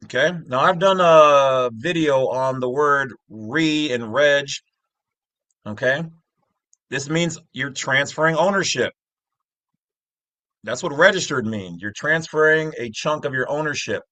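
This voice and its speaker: Here a middle-aged man runs his own channel, explaining things over a screen at a measured pace with a medium-pitched, sharp-toned voice and no echo. The talk is casual and rambling, peppered with jokes and constant self-interruptions.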